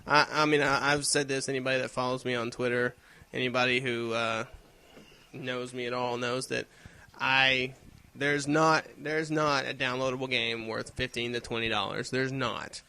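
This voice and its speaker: A man's voice: medium pitch, fairly even intonation, normal speed, bright, forceful tone, clean tone. A man co-hosting a casual gaming podcast, rambling and opinionated, with lots of fillers. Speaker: podcast co-host.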